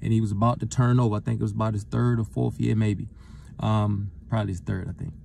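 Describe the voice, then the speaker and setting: Middle-aged guy w a gravelly voice, rambling story, gets heated as it builds, faint hiss behind. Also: lowish voice, quick pace. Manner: relaxed, rambling with fillers, gets animated retelling the encounter. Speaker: retired football player. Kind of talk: casual storytelling monologue.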